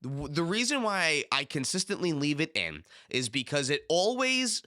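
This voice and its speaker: A man chats casually on a podcast, explaining his views in a relaxed back-and-forth. His voice is bright and slightly high-pitched. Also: normal speed. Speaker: podcast co-host. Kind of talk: casual chat about card games.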